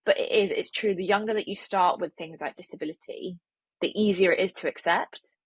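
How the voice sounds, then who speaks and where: A woman's voice: lowish voice, steady tone, a little fast, breathy edge, no echo. A woman hosting a podcast, speaking in an emphatic, earnest and chatty way. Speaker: podcast host. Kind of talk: casual interview conversation.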